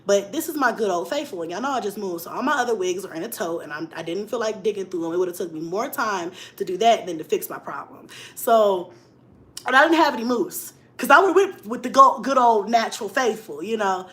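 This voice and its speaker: A young woman vlogger telling a story in casual chat, laughing often and swinging between loud bursts and hushed asides. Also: medium pitch, lively intonation, a little fast.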